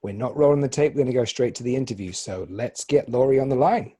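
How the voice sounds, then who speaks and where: A man's voice: medium pitch, quick pace, warm tone, husky. A man in his forties with an English accent, co-hosting a casual radio talk show in a joking, self-deprecating way. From England. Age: 40s. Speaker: podcast co-host. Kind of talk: casual chat.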